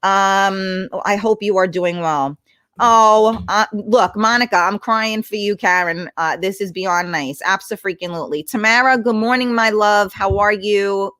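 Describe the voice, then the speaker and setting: A woman hosting a casual livestream, reading viewer comments aloud, chatty and blunt, swearing freely and greeting viewers warmly by name. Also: mid-range voice, a little slow, dry recording. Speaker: host.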